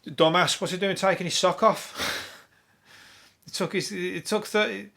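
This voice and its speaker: A man's voice: sits high, fairly even intonation, a little slow, vocal fry, a bit bright. A man, a comedian hosting a solo news review podcast, talking in a rambling, heavily sweary way and laughing at his own jokes. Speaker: podcast host.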